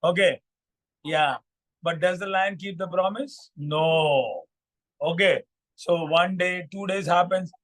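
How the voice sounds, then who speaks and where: High voice, halting storyteller, lots of fillers, man narrating a fable. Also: fairly bright tone, poor audio. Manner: halting, many fillers and repeats. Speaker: vlog storyteller.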